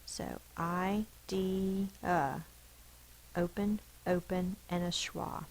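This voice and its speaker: Slow-talking teacher woman sounding out syllables. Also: lowish voice, fairly even intonation, a little mellow, low-quality recording. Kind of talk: spelling lesson for children.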